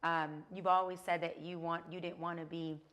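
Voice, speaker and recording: A woman speaking as a guest in a casual faith conversation, animated and testimonial, acting out bits of dialogue as she tells her story. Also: fairly low pitch, normal speed.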